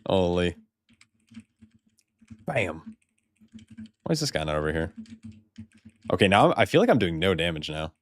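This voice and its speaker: A man's voice: low voice, sing-song, unhurried, pauses often, slight background noise. An American man rambling casually while streaming a game, swearing freely and laughing often. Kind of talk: casual live-stream chat.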